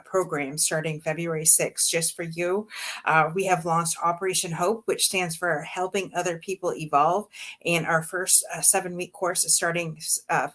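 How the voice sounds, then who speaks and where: A woman's voice: on the low side, fairly bright tone. A woman hosting an interview show, greeting and questioning her guest in an enthusiastic, effusive way. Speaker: host.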